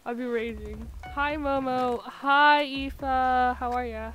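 A woman streaming a game from home, chatty and giggly, sounding tired with her voice going hoarse. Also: high voice, slow, hardly any pauses, fairly bright tone. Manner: chatty, giggly, self-mocking. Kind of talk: casual live gaming commentary.

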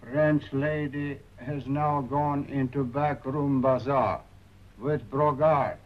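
An actor playing a lookout who reports in clipped, slow phrases and drops his articles, in 1930s film acting. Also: medium pitch, fairly even intonation, close to an everyday voice. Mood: reporting. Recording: dull 1930s soundtrack from off-mic.

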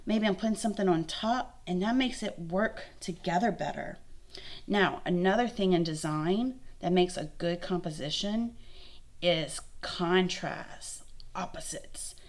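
A woman's voice: on the low side, normal speed, a little mellow. Woman, young adult, art instructor, friendly, encouraging, thinks aloud while demonstrating. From Louisiana. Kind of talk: kids' art lesson demonstration.

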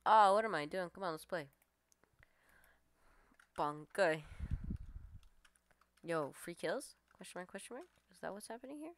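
A woman giving live gameplay commentary, excitable, swearing and trash-talking her opponents. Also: lowish voice, measured pace, pauses often. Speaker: gamer streamer.

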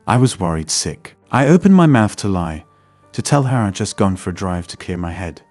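A man narrating a first-person story in a steady, scripted way. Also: on the low side, brisk, dry recording, faint music behind.

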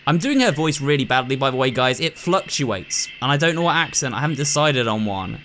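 A man's voice: medium pitch, expressive, fairly quick, few pauses, a bit bright, slight background noise, poor audio. A man chatting casually to viewers as he plays and comments on a horror game. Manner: chatty, amused asides to viewers. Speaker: gaming video host. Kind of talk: casual let's-play commentary.

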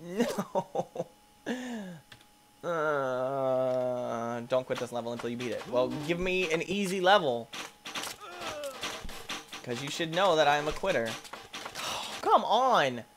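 A man giving excitable let's play commentary, yelping and squealing as things go wrong and talking to the characters on screen. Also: on the high side, takes it slowly, pauses often, background noise. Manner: playful, talks to the game characters. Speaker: gaming YouTuber.

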